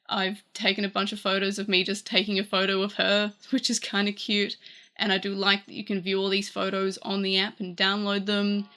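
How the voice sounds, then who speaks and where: Bright-voiced Australian woman, chatty, rambling reviewer tone. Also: mid-range voice. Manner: chatty, rambling with fillers and restarts. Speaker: tech reviewer. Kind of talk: casual unboxing review.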